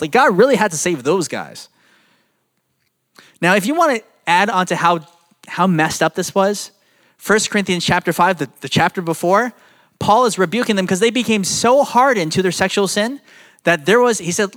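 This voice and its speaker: A man preaching a sermon in a conversational, animated way, acting out quotes as he goes. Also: high-pitched. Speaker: pastor.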